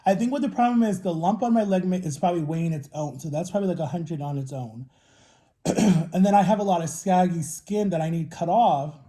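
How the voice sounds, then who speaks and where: A man in his thirties talks straight to his viewers in a loose, rambling vlog, jumping from one story to the next. His voice sits a little high for a man and has a warm, mellow tone. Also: fairly quick. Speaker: vlogger. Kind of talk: casual chat to camera while eating.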